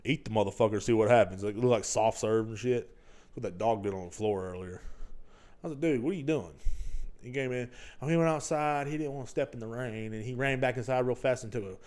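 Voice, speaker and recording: A man's voice: mid-range voice, fast. A young man from Texas, hosting a casual solo podcast, rambling and ranting with lots of swearing. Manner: profane, rambling, animated ranting. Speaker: podcast host.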